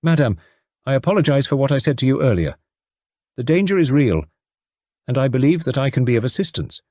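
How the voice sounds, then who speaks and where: A man voicing a fastidious middle-aged detective who speaks formally, methodically and courteously. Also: mid-range voice, lively intonation, darkish tone, no echo, studio quality, pitched above the performer's own voice, lightly acted. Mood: measured.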